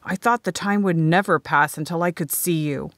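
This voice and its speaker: A woman's voice: moderate pace, no echo, close to an everyday voice. A woman voicing an eager, earnest young man in an audiobook. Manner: steady, low-pitched storybook dialogue.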